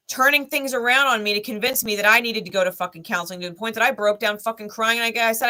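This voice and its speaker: A woman with a bright, forward voice speaks candidly to her viewers. Her telling is blunt and heated, with plenty of swearing and hard emphasis. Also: medium pitch, quick pace, few pauses. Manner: blunt and heavily profane, emphatic; heated, intense retelling. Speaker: spiritual content creator. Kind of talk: candid personal storytelling.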